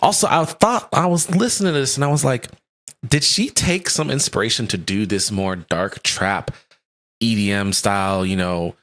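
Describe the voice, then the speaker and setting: A man co-hosting a music reaction, chatting casually with quick, animated asides. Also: fairly low pitch. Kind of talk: casual music review chat.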